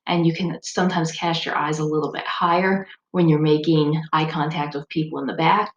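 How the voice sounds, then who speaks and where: Low-voiced woman teaching in a roomy space. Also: highs cut off. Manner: conversational, explanatory, with occasional ums. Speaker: college speech instructor. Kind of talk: recorded classroom lecture. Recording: roomy echo with faint background noise.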